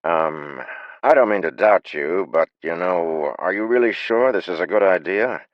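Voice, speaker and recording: A man's voice: extremely low pitch, normal speed, no room sound, muffled recording. A man voicing a nervous, timid young male thief who speaks hesitantly. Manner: hesitant, tentative.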